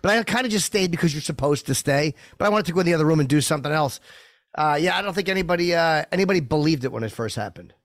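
A man in his fifties hosting a casual sports chat, asking questions and thinking out loud. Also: fairly high pitch, animated, rapid-fire, dry recording, studio quality. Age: 50s. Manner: questioning, conversational. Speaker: podcast host.

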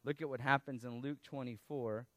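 A man preaching a sermon, teaching through a Bible passage in a conversational, animated way with casual asides. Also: medium pitch, moderate pace, no room sound. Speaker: pastor.

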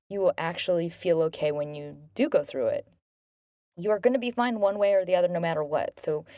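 A woman in her thirties hosting a self-help podcast, talking gently and earnestly about relationships. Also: fairly low pitch, dry recording, clean studio sound. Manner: gentle, earnest, bubbly when thanking listeners. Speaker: podcast host.

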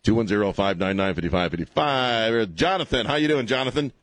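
Brash male talk radio host, deep-ish voice, close dry studio mic, sardonic call-in rant. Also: a little fast, fairly bright tone, no echo. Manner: brash, mocking, laughs at his own jokes. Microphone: studio microphone.

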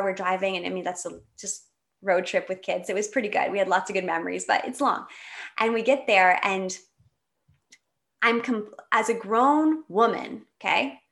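A woman in her late thirties tells a personal story as an interview guest, candid and animated. Her voice sits at an everyday middle pitch. She laughs and restarts her sentences as she goes. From Canada. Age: 30s.

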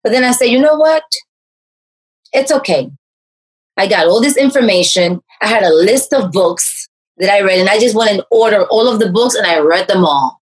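A woman with a slightly husky, breathy voice at a medium pitch tells her own story in an interview. She is an animated life coach who leans on fillers and restarts. Her pitch jumps up whenever she acts out what someone said. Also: fairly quick, low-quality recording. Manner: animated storyteller, raises pitch to act out quoted speech.

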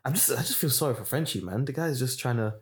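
A man's voice: mid-range voice, expressive, fast. A young man in casual podcast chat, laid-back and slangy, laughing often between remarks. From Britain.

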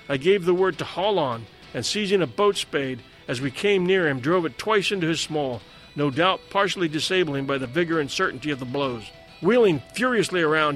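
A man reading a dramatic sea adventure aloud as a narrator, in a measured way. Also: a little high, fairly bright tone. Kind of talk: scripted story narration.

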